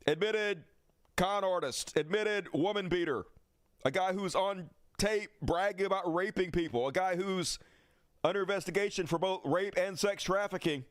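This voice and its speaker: Male host for a political rant stream; fiery, crude, sarcastic, a touch high-pitched. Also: normal speed, no room sound. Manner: angry, profane, sarcastic. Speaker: livestream host.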